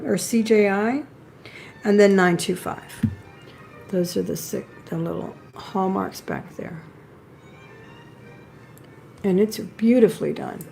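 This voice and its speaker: A woman's voice: medium pitch, creaky, a little mellow. A woman hosting a live jewelry sale, chatting and admiring each piece as she shows it. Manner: chatty, admiring, talks while handling pieces. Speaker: live-stream jewelry seller.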